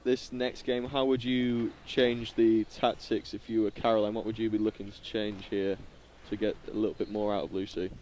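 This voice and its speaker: A man's voice: fairly low pitch, level tone, normal speed, few pauses, darkish tone. A man commentating live on a squash match, calling the score and asking his co-commentator questions. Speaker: play-by-play commentator. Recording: noisy venue audio.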